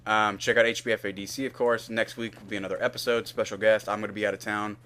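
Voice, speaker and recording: Speaking fast in a lowish, bright voice with little pitch movement, this young gaming video host sounds forceful. Over gameplay he spins a candid, meandering story, cursing freely and playing both people in the exchange.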